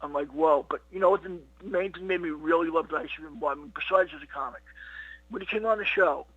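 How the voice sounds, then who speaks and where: Speaking quickly in a slightly high, somewhat bright and husky voice, a middle-aged comedian guest rambles through casual stories in an interview, leaning on "you know what" and "he goes." The recording is dull, lo-fi and dry.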